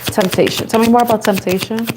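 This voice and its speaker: A woman's voice: on the high side, fairly even intonation, fast talker, background noise. A woman giving a casual tarot reading, talking and thinking aloud in a chatty, giggly way. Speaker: tarot reader.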